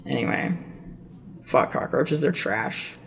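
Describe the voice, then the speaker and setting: A woman's voice: very deep voice, animated, slow, vocal fry. A woman co-hosting a podcast, telling a rambling, profane story in casual chat. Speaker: podcast co-host.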